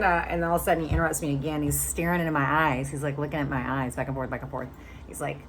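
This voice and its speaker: Low-voiced chatty woman in her fifties. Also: level tone, very fast, noisy background. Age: 50s. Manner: chatty and candid, swearing casually. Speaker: vlogger. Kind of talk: casual storytelling to camera.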